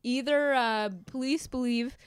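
A woman co-hosting a casual podcast, easygoing and quick to laugh, relaying odd news stories. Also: high voice, fairly even intonation, clear, resonant tone, dry recording, studio quality. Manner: easygoing, laughs often, reads news items slowly. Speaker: podcast co-host. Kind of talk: casual chat.

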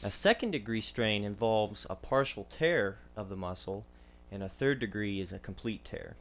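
A young man who is the medical contributor on a casual sports podcast. He explains injuries in a measured way, with frequent ums and uhs. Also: fairly low pitch.

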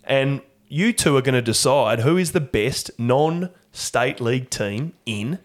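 A man's voice: mid-range voice, animated, a little slow. Chatty Australian man hosting a podcast. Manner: chatty, laughs often, loose with restarts. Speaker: podcast host. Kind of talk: casual chat.

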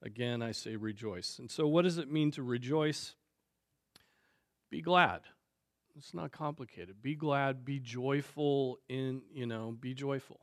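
A man leading a Bible discussion, thinking aloud at a measured pace with frequent fillers. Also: medium pitch, no room sound, clean studio sound. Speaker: Bible teacher. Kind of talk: teaching discussion on Scripture.

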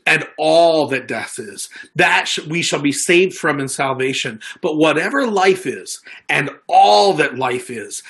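Man preaching a conversational sermon, slightly high. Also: a bit bright. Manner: conversational preaching, frequent restarts and repeated words. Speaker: pastor.

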